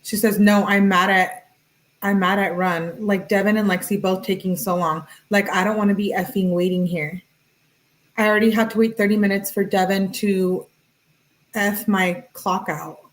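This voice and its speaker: A woman hosting a true-crime channel, reading text messages aloud in a flat, casual way with "she says, he says" tags and chatty asides. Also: mid-range voice, normal speed, low-quality recording.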